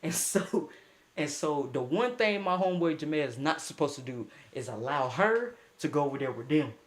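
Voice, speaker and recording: A young man casually telling a story, animated, slangy and breaking into laughing asides. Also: fairly high pitch, moderate pace.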